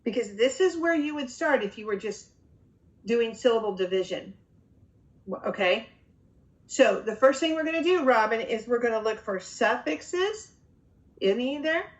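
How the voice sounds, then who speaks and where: A woman's voice: fairly high pitch, lively intonation, normal speed, pauses often. Woman coaxing through a lesson, checking in. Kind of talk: modeling a phonics lesson.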